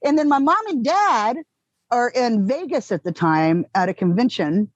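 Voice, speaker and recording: A middle-aged woman with a Texan accent telling candid, animated stories in an interview, swearing freely and acting out the people in them. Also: on the high side, normal speed, no room sound, highs cut off. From Texas. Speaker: actress guest. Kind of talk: casual interview storytelling.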